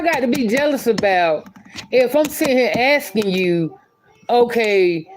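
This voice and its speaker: A woman's voice: on the high side, big pitch swings, unhurried, a little hiss or hum. A woman telling a story in a casual vlog, chatty and rambling, often laughing and restarting her sentences. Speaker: YouTube commentator.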